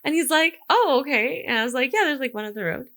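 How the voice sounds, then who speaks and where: A woman's voice: high-pitched, sing-song, fast talker, fairly bright tone. A young woman co-hosting a casual chat podcast, telling dating stories and acting out the quoted lines. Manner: storytelling, acts out quoted lines, laughs often. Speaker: podcast co-host.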